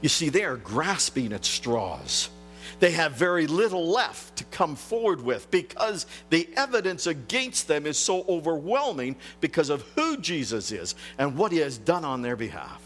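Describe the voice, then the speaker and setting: A man preaching a sermon, drawing out key phrases slowly for emphasis and lifting his voice as he builds each point. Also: on the high side, very animated, a bit bright, slightly rough, soft background music. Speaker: pastor.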